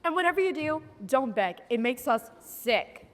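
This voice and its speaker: A young woman recites chorus lines in a school stage play, loud and declamatory, with a mock-disgusted edge. Her voice sits high. It echoes around a big hall, heard from far off. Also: sing-song, moderate pace. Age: young adult. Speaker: chorus member. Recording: echoey auditorium, from a distance.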